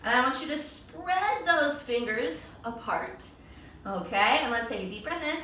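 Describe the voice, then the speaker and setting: A woman leads a children's yoga class in a playful, sing-song voice that is high and bright. She sounds full of encouragement. She is heard from some way off in a very echoey room. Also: animated, measured pace, recorded from a distance, slight background noise. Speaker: kids yoga teacher.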